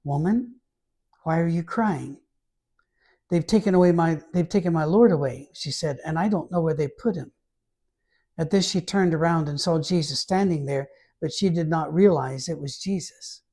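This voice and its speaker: A man's voice: a little high, moderate pace, a little mellow, slightly rough. A man, a pastor reading scripture aloud and breaking off to comment casually in a Bible study. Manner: reads scripture aloud, then breaks off to comment with asides and light humor. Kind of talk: conversational Bible teaching.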